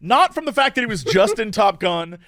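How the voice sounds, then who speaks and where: High-voiced excitable man podcasting. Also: moderate pace, no room sound, studio quality. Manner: excitable, rambling, with frequent fillers. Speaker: podcast co-host. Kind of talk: casual chat.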